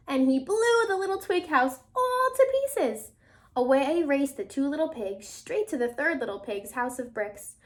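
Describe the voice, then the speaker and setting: A woman's voice: high voice, big pitch swings, moderate pace. A woman teacher reading a storybook aloud to her class, telling it dramatically and stopping often to ask the children questions.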